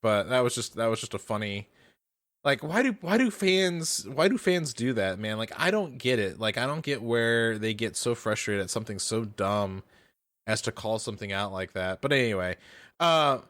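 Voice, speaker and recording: Animated, laughing man, chatty. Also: medium pitch, moderate pace, dry recording, studio quality. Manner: animated, laughs often, many restarts and fillers. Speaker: podcast co-host. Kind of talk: casual chat.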